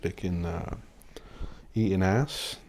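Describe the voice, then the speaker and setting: A man's voice: low-pitched, slow, darkish tone. A man, rambling and swearing in a casual solo podcast, often breaking off mid-word and laughing. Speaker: podcast host.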